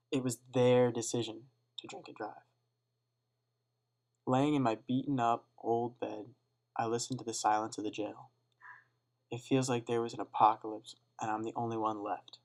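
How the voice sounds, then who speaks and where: A teenage boy reading a dark first-person school story aloud in a steady, subdued way. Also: medium pitch, rough recording. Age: teens. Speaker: student reader.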